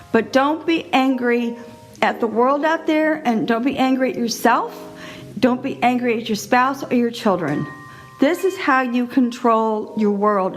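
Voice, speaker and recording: Chatty laughing woman podcaster. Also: fairly high pitch. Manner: chatty, animated, laughs often. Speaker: podcast host. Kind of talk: casual solo podcast monologue.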